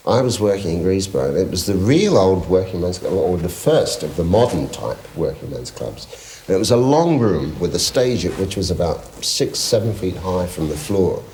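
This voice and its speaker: Lively male storyteller. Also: low-pitched, normal speed, slight background noise. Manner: lively storyteller, laughing often. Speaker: guest singer. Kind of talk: chat show anecdote.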